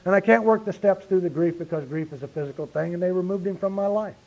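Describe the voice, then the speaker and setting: A man's voice: high voice, fast, vocal fry, warm tone. A middle-aged man speaking earnestly at a recovery meeting, often saying "you see" and building to emphatic points. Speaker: speaker sharing his recovery story. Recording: lo-fi 1990s meeting tape.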